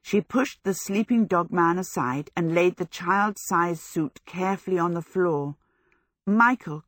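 A woman with a fairly low voice narrates a storybook at an even, steady pace. The sound is dry and close, with no room around her. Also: no room sound. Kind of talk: audiobook narration.

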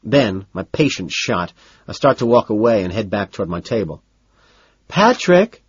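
A man with a low, husky voice narrates a novel in the first person, cool and measured. The recording is dull and dry, with a lo-fi edge and no room sound. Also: dry recording. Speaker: audiobook narrator.

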